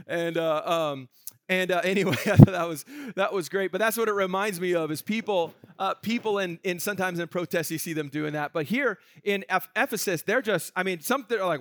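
A man preaching a sermon from Canada, animated, laughing often and acting out crowd voices with many restarts. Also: sits high, brisk, no echo. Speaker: pastor.

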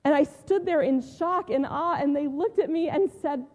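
A woman pastor delivers a first-person sermon retelling as a grieving, devoted woman disciple, speaking from the heart with long pauses and soft drops in an awed mood. Her natural voice sits high, and the sound carries a big-room feel.

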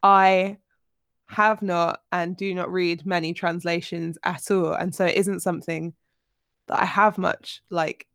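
A young woman co-hosting a book podcast, her voice pitched low with a gravelly fry. She talks in a loose, chatty way, full of "like" and restarts. The recording is dry and close to the mic. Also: flat delivery, measured pace, fairly bright tone, no room sound. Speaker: podcast co-host. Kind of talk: casual book-club chat.

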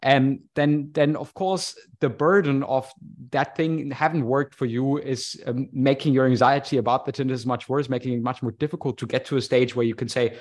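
A man hosting a podcast interview, talking in an animated way with frequent restarts and repeated words. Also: medium pitch, moderate pace. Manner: animated, many restarts and stammers. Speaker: podcast host. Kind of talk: casual interview chat.

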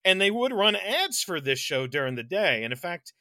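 Podcast co-host, male, high and very bright tone, dry close sound, loose rambling storyteller. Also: big pitch swings, normal speed, no room sound. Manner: rambling storyteller, laughs mid-sentence, swears casually. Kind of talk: casual chat.

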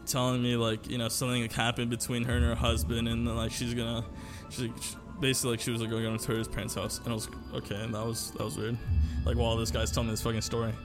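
A man's voice: medium pitch, monotone, fast, few pauses, over music. A young man co-hosting a podcast, telling a long story in casual chat, rambling with lots of fillers and swearing. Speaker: podcast co-host.

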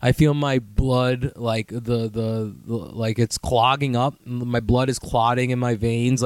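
A young man hosting his own podcast, ranting in a profane, rambling, self-mocking way and sometimes doing mocking high voices. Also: steady tone, a little slow, hardly any pauses, clean tone, no echo. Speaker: podcast host. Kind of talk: casual solo podcast rant.

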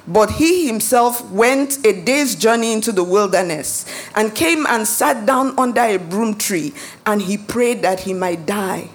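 A woman's voice: medium pitch, a little slow. A woman pastor delivering a sermon, preaching emphatically and building up to dramatic rises.

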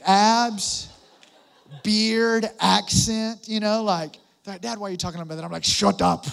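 High-voiced, animated male pastor. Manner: humorous, animated preaching with asides to the congregation. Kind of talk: sermon.

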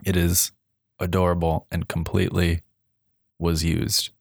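A man hosting a casual comedy podcast, telling stories with lots of laughter and quick jokes. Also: low-pitched, gravelly, breathy edge, no echo, clean studio sound. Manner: animated, laughing storyteller. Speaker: podcast host presenting gadgets.

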